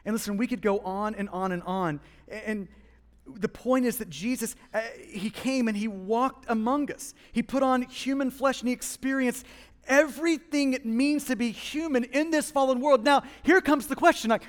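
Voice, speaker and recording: A man preaching a sermon as pastor, with passionate swings between hushed and loud emphasis, speaking in a church. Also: very high-pitched, moderate pace, in a large hall. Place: church hall.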